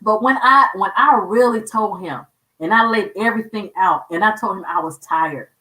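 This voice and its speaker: A woman's voice: mid-range voice, normal speed, bright, forceful tone, echoey room, far from the mic, rough recording. A woman hosting a show, sharing her faith testimony in an earnest, emotional way and repeating words when moved. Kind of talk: personal testimony talk.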